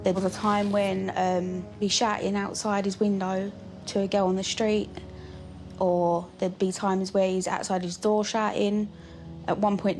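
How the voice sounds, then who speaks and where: Hesitant woman witness. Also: medium pitch. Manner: flat, hesitant, many ums. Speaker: neighbour witness. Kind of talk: documentary interview.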